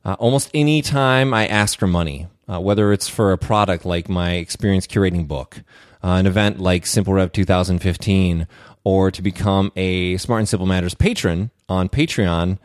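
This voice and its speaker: A man's voice: sits low, moderate pace, no room sound, clean studio sound. A man hosting his own podcast, talking in a candid, confessional solo monologue with frequent "uh" fillers. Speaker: podcast host.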